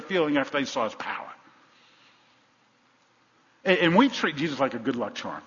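A man preaching a sermon as pastor, dramatic, swinging between hushed and loud delivery. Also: fairly high pitch, expressive, a little fast, pauses often. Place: church sanctuary. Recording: dull, long-reverb church hall.

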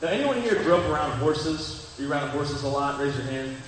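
A man's voice: a little high, lively intonation, brisk, recorded from a distance, a little hiss or hum. Man preaching in an echoey hall. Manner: conversational preaching, asks the congregation questions. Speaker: pastor. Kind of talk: sermon.

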